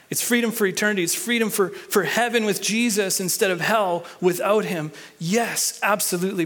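A man's voice: high voice, a bit bright. A man preaching a sermon as pastor, talking conversationally, repeating key lines and restarting words, and leading the congregation in reading aloud. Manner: leads the congregation in reading and call-and-response.

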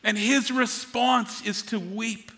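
A man's voice: very high-pitched, steady tone, slow, pushed and bright. A man preaching a sermon in an earnest, conversational way, often repeating words as he goes. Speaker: pastor. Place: church sanctuary. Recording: long hall reverb.

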